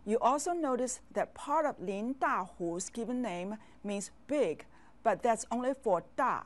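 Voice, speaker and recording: Slow patient woman teacher, bit high voice, leads repeat-after-me drills. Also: expressive. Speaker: language teacher. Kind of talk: classroom language lesson.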